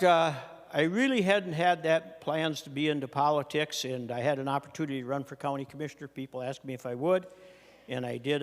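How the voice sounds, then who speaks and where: Folksy older man in a reverberant chamber. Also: medium pitch. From Minnesota. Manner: folksy storytelling with dry humor. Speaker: retiring state senator. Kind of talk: farewell floor speech. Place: legislative chamber. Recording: long reverb of a large chamber.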